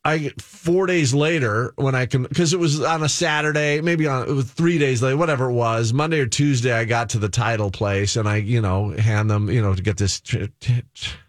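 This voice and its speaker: A man's voice: medium pitch, fairly quick, hardly any pauses, no room sound, clean studio sound. A man casually telling a long personal story as a guest, rambling with many fillers and restarts and acting out other people's lines.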